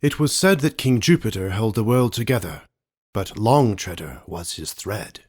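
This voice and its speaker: A solemn, tender father rabbit, read by a man, tells an old tale to his children. His delivery is earnest and halting. It is a storybook figure in a low male voice. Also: animated, darkish tone. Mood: solemn, grieving. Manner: earnest, halting, voice breaking with emotion.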